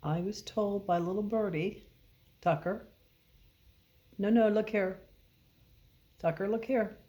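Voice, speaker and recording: A woman's voice: medium pitch, takes it slowly, dark tone, highs cut off. Woman playfully scolding her dog. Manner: mock-scolding, playful questioning. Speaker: dog owner vlogger.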